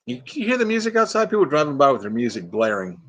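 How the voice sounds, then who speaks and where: An older man hosting a casual livestream, playful and quick to break into impressions. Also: a little high, huge pitch swings, fairly bright tone. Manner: playful, jumps into silly character voices. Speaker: livestream host. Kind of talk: casual live chat doing impressions.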